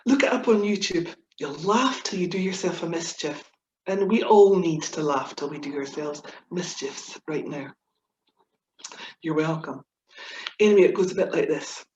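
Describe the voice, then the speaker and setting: A woman's voice: sits low, normal speed, a little mellow, echoey room, dull audio, slight background noise. A woman with a Scottish accent giving a playful, chatty webinar talk over a video call, full of asides and giggles. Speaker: webinar speaker on Scots humour.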